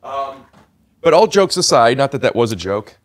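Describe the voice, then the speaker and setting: A man's voice: mid-range voice, sing-song, moderate pace, no room sound. Rambling male podcast host, dry sound. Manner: rambling, restarts often. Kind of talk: casual chat. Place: home living room. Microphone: podcast microphone.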